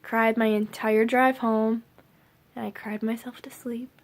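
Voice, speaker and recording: A woman's voice: fairly high pitch, level tone, a little slow. A young woman vlogging to camera, rambling casually with lots of filler words.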